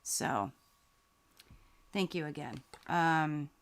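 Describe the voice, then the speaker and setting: With a deep, clean-toned voice and drawn-out words, a woman hosts a live quilting Q&A. Moved by the viewer comments she reads, she speaks heartfelt thanks and seems near tears.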